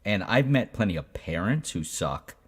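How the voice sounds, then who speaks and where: Deep-voiced wry man on a call. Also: big pitch swings, moderate pace, slightly rough. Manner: wry, jokey. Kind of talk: casual chat. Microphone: video call.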